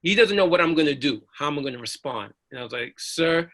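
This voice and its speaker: A man's voice: a little high, quick pace. A man, a preacher and uniformed officer, telling a personal story with earnest feeling in a panel discussion. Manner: earnest, animated, acts out the voices of others.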